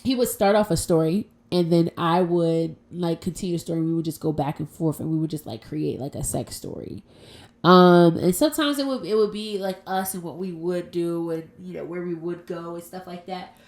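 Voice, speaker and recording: A woman's voice: on the low side, moderate pace, a little mellow. A woman hosting a casual solo podcast from home, talking in a frank, profane and playful way. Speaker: podcast host.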